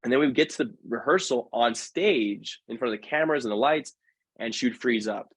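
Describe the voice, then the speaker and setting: A man telling stories as a podcast guest, talking casually and quickly correcting himself. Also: medium pitch, husky, no echo. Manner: animated, acts out quoted voices, quick self-corrections. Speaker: guest, professional dancer. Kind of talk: casual storytelling in a podcast conversation.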